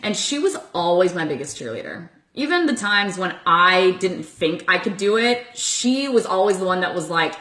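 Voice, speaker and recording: A young woman in her twenties hosts a casual chat, storytelling with animated energy and frequent filler words. Her voice is bright and forceful. The room around her rings with echo. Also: mid-range voice, brisk, few pauses. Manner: animated, laughing storyteller with lots of "like". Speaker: host.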